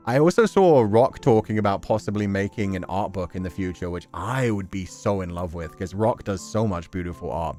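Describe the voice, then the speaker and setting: Giggly guy streamer, lowish voice but bounces all over, faint music behind. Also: darkish tone. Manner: giggly, laughs often. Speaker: streamer reading fan art. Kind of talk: casual live-stream chat.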